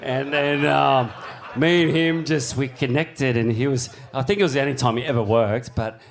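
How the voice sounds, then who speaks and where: An Australian man from the south coast, telling lively stories on stage at a live panel, laughing and swearing freely. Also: medium pitch, normal speed, creaky. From New South Wales south coast, Australia. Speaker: panel guest, surfer. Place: live panel at a bowling club in front of an audience.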